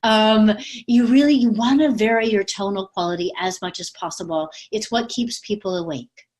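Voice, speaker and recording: A woman speaking coach giving casual, lively advice from home over a video call, laughing easily. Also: mid-range voice, normal speed. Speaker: communication coach. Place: home with pets.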